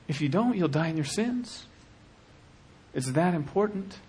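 Male preacher, impassioned sermon, husky voice, hushed to shouting. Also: on the high side, animated, measured pace, long pauses.

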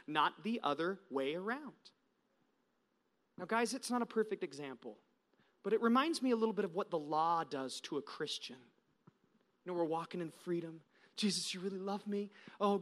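An American man in his thirties, a pastor, gives a sermon full of animated stories that alternate between loud and hushed delivery. His pitch is high.

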